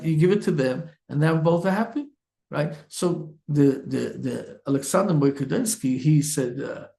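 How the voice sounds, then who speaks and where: A rabbi with a fairly high, gravelly voice tells a story during a Torah talk. His storytelling sermon is animated, with characters acted out and frequent restarts.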